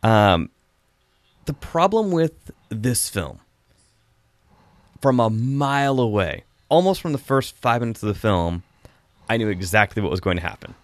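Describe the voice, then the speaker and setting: A man's voice: fairly low pitch, big pitch swings, unhurried, pauses often. A man hosting a casual podcast chat, reviewing a film in a rambling, chatty way with frequent laughs.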